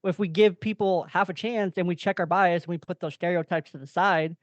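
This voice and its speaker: Earnest young dad guest, high voice. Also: male voice, fairly even intonation, a little fast, no room sound. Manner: earnest, reflective, rambling with restarts. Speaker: podcast guest, therapist. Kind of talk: casual podcast interview. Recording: slightly dull lo-fi sound.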